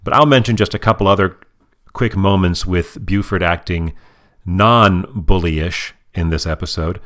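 A man's voice: deep voice, measured pace, a bit bright. A man co-hosting a podcast, chatting casually and explaining jokes in a dry way. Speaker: podcast co-host. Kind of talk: casual chat.

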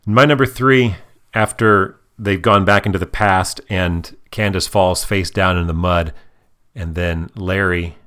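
A man hosting a casual chat, recapping an episode with playful, animated storytelling. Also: deep voice, a little slow, smooth. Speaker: podcast host.

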